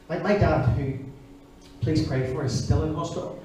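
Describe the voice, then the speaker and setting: A man in his forties preaching a sermon, telling stories in an animated way. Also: on the high side, moderate pace, slight background noise. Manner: animated storytelling, acting out voices. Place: church service. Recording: echoey church hall from far off.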